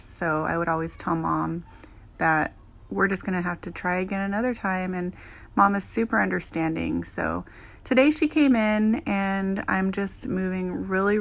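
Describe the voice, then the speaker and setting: A young adult woman, a dog groomer, giving gentle, chatty voice-over narration that explains her work. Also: on the low side, gravelly.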